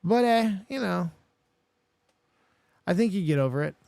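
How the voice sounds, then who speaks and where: High-voiced profane man telling stories. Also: measured pace, vocal fry, no echo. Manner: animated, profane, getting worked up while telling the story. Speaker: show host. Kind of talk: storytelling and reacting on a live show.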